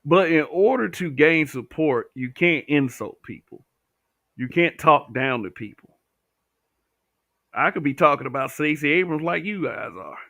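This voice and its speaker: A man's voice: fairly high pitch, lively intonation, measured pace, vocal fry, bright, forceful tone, no echo, studio quality. A man hosting a livestream, talking bluntly with profanity and reading viewer comments. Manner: blunt, profane, talks back to chat.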